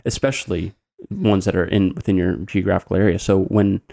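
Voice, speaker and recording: A man with a very deep, gravelly, dark voice speaks in a measured, affirming way during a casual discussion of church doctrine. The sound is dry and close. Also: steady tone, dry recording.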